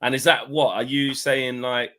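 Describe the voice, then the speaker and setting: A young man co-hosting a casual football chat, relaxed and slangy. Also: mid-range voice, normal speed. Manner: laid-back, slangy and conversational. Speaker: co-host.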